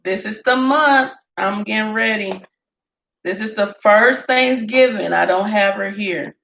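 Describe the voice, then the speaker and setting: A woman, chatting in a casual cooking vlog and telling lively stories while she cooks in her home kitchen. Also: mid-range voice, measured pace, gravelly. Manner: storytelling, animated, laughs often. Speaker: home cook vlogger. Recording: echoey room with faint noise.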